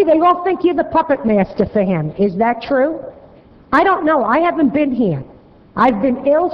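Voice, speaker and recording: A woman's voice: a little high, a little hiss or hum. A woman making a blunt, scolding public comment from a podium microphone in a city council chamber. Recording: echoey hall, dull broadcast sound.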